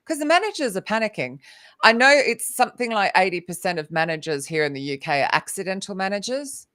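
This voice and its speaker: A woman's voice: medium pitch, lively intonation, fast, a bit bright. A woman author speaking as a podcast guest, chatting animatedly and laughing often as she acts out what people said. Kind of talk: casual podcast conversation. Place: lives in the UK.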